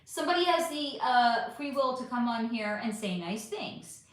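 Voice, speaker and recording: A woman's voice: on the high side, lively intonation, moderate pace. A middle-aged woman hosting a casual livestream, reading chat and answering commenters bluntly and sarcastically. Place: home room. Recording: roomy echo.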